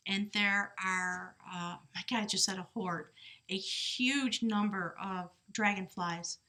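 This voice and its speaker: A woman with a medium-pitched, sharp voice and fairly even intonation speaks slowly while giving a casual tarot reading. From her desk in a small house by an open door, she chats, laughs often, questions her spirit guides, and corrects herself mid-sentence.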